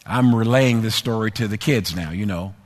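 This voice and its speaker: A man's voice: lowish voice, moderate pace. A male pastor preaching a sermon, telling a personal story in a conversational way, then repeating phrases and building to emphatic exhortation. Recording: long hall reverb.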